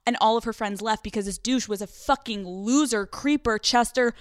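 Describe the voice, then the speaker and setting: A woman's voice: on the high side, fairly quick, hardly any pauses, dry recording, clean studio sound. A woman hosting a podcast, telling stories in a brash, profanity-laced comedic monologue. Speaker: podcast host.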